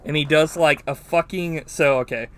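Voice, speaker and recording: A man hosting a podcast, chatting casually and recounting a movie in a rambling, profane, animated way. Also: on the high side, moderate pace. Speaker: podcast host. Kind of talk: casual movie-review chat.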